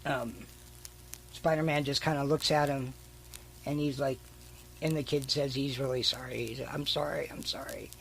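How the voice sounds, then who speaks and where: A man's voice: mid-range voice, steady tone, moderate pace, pauses often, slight background noise, rough recording. A man co-hosting a podcast, casually retelling a comic book's story with fillers and the odd swear word. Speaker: podcast co-host. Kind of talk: casual chat.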